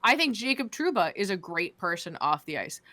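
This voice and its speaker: A woman's voice: medium pitch, sing-song, brisk, pushed and bright. A young woman co-hosting a casual hockey podcast, swearing freely and ranting with fired-up conviction. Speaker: podcast co-host.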